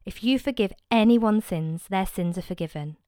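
A woman voicing a calm, tender man teacher in a dramatized scripture reading, speaking gently and slowly. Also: mid-range voice, clear, resonant tone, no echo, studio quality, lightly acted. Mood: gentle. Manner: gentle, slow and tender, at times hushed.

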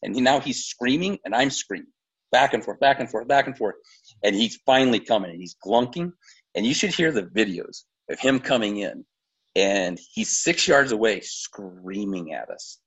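A middle-aged American man telling a hunting story in a casual, animated and rambling way. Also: lowish voice, moderate pace, husky, highs cut off. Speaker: podcast guest, bowhunter.

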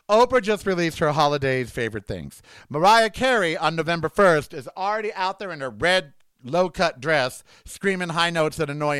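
A man's voice: a little high, fairly bright tone, clean tone, no echo. A man hosting a comedic rant monologue, sarcastic and mocking as he riffs at length. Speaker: host.

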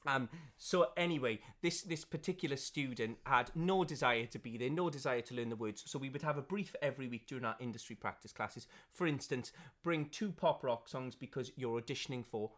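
A man's voice: medium pitch, fairly quick, fairly bright tone. A man, an actor and podcast guest, chatting casually and telling stories with frequent laughter. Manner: chatty storyteller, laughs often. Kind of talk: casual chat. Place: caravan.

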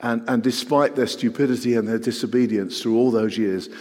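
Preacher in an echoing hall. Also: male voice, medium pitch, fairly even intonation, a little fast. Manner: earnest, rhetorical questions, shifting between loud and hushed. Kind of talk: sermon. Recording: long hall reverb.

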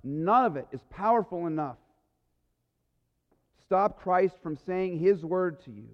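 A male pastor preaching an earnest, emotional sermon, often dropping to soft, quiet phrases. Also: high-pitched, lively intonation, a little slow, long pauses, in a large hall, highs cut off.

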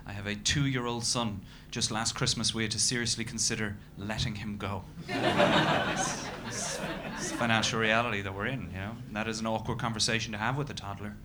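A man in his thirties with an Irish accent, doing a stand-up comedy set in a dry, self-deprecating way with bursts of loud ranting. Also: on the low side, steady tone, a little fast, a loud crowd. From Ireland. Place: comedy club stage. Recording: noisy live club recording.

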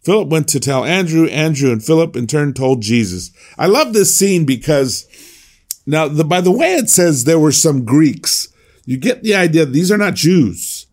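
A man's voice: on the high side, very animated, moderate pace, darkish tone. A man teaching a devotional Bible class in a conversational way, often restarting his sentences and reading scripture aloud.

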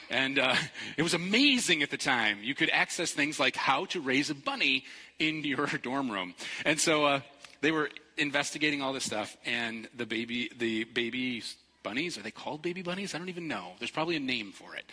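Middle-aged pastor guy, joking storyteller sermon, really bright tone, echoey hall. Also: breathy edge. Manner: playful, animated storytelling with jokes and high-pitched quoted voices. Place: large church hall. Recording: long hall reverb.

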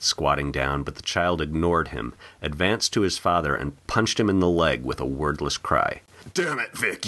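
A man reading his own short story aloud in an expressive, animated narration. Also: rumbling low. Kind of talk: audiobook narration.

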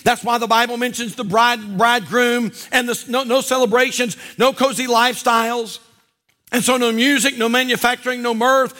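A man preaching a sermon as pastor at a church service, emphatic and repetitive, often dropping to a low intense voice for emphasis. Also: bright, forceful tone.

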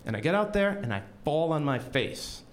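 A man telling a personal story on stage in an animated, self-deprecating way with comic timing. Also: fairly high pitch, normal speed. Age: young adult.

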